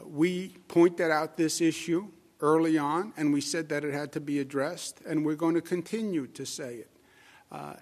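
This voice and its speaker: A man with a Queens New York accent, a state official giving a press briefing statement with emphatic repetition and frequent filler sounds. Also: medium pitch.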